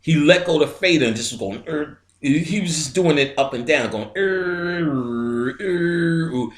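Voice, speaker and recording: A man's voice: a little high, lively intonation, unhurried. A middle-aged man telling a story in a casual lecture, streetwise and profane, imitating sounds as he goes. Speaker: metaphysical lecturer. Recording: roomy echo.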